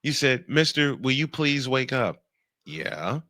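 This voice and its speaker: Radio host guy, lively pitch, bright sharp tone, dry close sound, laughs a lot while telling stories. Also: no echo. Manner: animated, laughing, quick bursts of speech. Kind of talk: storytelling in casual chat.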